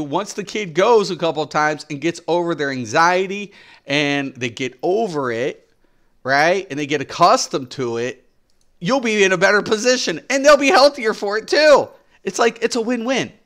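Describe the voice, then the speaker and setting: A man's voice: high voice, animated, moderate pace, a bit bright. A middle-aged man streaming games, ranting with exasperation, repeating his points emphatically and swearing as he talks to his viewers. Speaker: game streamer.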